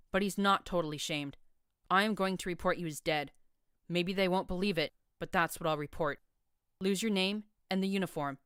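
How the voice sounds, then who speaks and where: A woman's voice: lowish voice, a bit bright, smooth, no room sound, clean studio sound, close to an everyday voice. A woman reading a furious, proud pegasus mare soldier in an audiobook, with a harsh, accusing manner.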